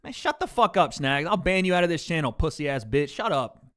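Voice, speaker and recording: A man's voice: on the high side, sing-song, fairly quick, a bit bright. A man streaming live, ranting with heavy profanity, frustrated and angry as he snaps back at his chat. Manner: profane, heated, snapping at chat. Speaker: streamer reacting to a football game and live chat. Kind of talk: heated livestream rant to chat.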